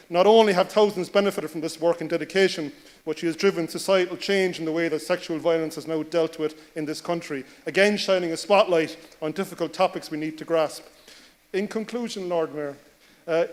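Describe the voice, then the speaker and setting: A man delivering a formal tribute speech, hesitant with frequent ums and uhs. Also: high voice. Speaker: speaker paying tribute.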